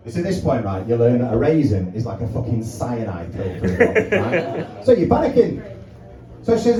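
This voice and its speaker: Male stand-up comic, lively up-and-down delivery, high voice, filmed from the back of a pub room with crowd laughter. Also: moderate pace, reverberant, distant mic, highs cut off. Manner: chatty, swearing, acts out phone calls. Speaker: stand-up comedian. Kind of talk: stand-up comedy set. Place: small pub comedy room. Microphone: handheld mic, filmed from far by tripod camera.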